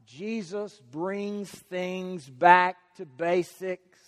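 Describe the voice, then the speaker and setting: A man's voice: high voice, drawn-out words, dry recording, in a large hall. A man preaching a sermon, emphatic and stressing key words by repeating them.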